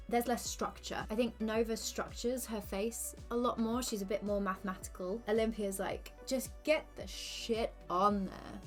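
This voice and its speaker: A drag queen talking through a makeup tutorial in a casual, chatty way, full of self-mocking asides. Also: mid-range voice. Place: indoors at a makeup station under lights.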